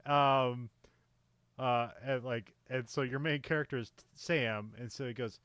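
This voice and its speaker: A man's voice: medium pitch, steady tone, a little slow, fairly bright tone, clean tone, no echo. A man co-hosting a casual movie podcast, rambling and laughing often, with lots of fillers. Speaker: podcast co-host.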